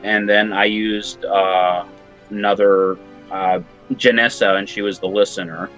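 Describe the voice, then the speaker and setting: A man with a Minnesota accent chatting casually as a guest, halting and chuckling through his stories. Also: fairly low pitch, flat delivery, a bit bright, muffled recording, soft background music. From southern Minnesota. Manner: halting, laughs at own stories. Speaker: guest, mod user. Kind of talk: casual chat.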